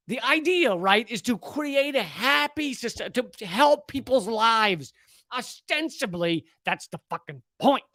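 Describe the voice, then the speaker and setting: Male comedian, sarcastic rant, swears a lot, high-pitched voice, dry close sound. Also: animated, normal speed, pushed and bright, no room sound. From United States. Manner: profane, sarcastic and exasperated. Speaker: comedian and political commentator. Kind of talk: comedic rant reading and reacting to an article.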